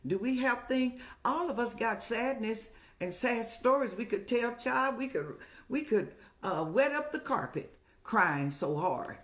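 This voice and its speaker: An older woman hosting an advice show in a folksy, preacherly way, speaking to viewers like family and telling lively stories. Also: fairly high pitch, a little slow. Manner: folksy, preacherly, calls listeners "child"; lively storytelling with animated rises. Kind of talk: warm advice talk to viewers.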